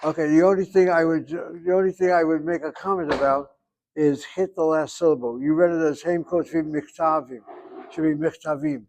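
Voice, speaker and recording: A man's voice: on the high side, steady tone, a little fast, darkish tone. An older man teaching a Hebrew class, joking and digressing, then patiently correcting a student's pronunciation. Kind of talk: online class instruction.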